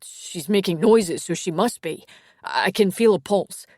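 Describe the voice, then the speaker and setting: A woman's voice: fairly low pitch, measured pace, darkish tone, no echo, clean studio sound. A woman voicing a seventeen-year-old boy who stammers and speaks frantically. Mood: panicked.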